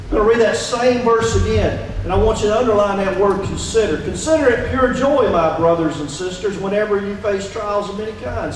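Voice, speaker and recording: A high-voiced male pastor preaches in an easy, conversational way, firing questions at his congregation. He sounds set back from the microphone, with the church sanctuary ringing strongly around him and a faint hiss underneath. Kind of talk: sermon. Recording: echoey church hall from a distance.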